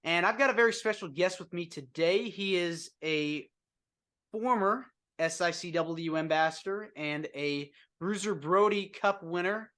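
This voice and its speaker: A man's voice: high voice, a little slow, a bit bright. A man hosting an interview podcast, upbeat and friendly with short reactions. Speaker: podcast host.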